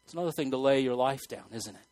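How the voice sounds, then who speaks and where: A man preaching a sermon to a church congregation, moving between quiet, earnest asides and loud, excited outbursts. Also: medium pitch, very fast, no room sound, low-quality recording. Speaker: pastor.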